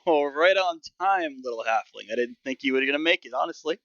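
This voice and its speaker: A cocky, amused ship captain drawls his lines slowly and a touch higher than the performer's usual voice, as a man acts him out. The voice is bright and edgy, heard through a dull, lo-fi, dry mic in a tabletop game. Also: animated, no echo.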